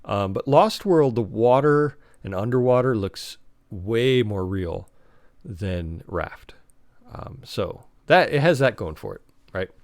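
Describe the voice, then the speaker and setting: A man's voice: on the low side, animated, slow pace, no echo, studio quality. A man hosting a podcast on his own, talking casually. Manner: rambling, full of fillers and restarts. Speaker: podcast host. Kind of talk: casual solo podcast talk.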